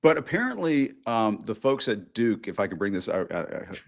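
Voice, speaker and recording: Guy host with a lowish voice, jokey, keeps restarting his questions. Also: sing-song, normal speed. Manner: jokey, conversational, hesitant restarts. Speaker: interview host. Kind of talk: casual interview chat.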